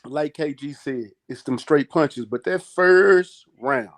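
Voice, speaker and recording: A man's voice: on the high side, animated, slow pace, vocal fry. A man co-hosting a boxing podcast, talking in a heated, emphatic, slangy way and repeating his points. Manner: emphatic, loud and repetitive, slangy. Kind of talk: heated casual chat.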